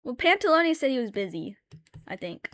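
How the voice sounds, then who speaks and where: In a high, sing-song voice at normal speed, a young streamer chats casually while drawing live, swearing often, rambling through anecdotes with plenty of filler words and laughing between sentences. The tone is a bit bright, with no echo and studio-quality sound.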